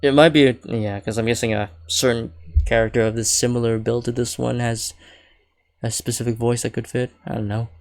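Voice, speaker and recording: A man's voice: medium pitch, flat delivery, brisk. A young man streaming a video game live, talking casually in a rambling way with many fillers and self-corrections.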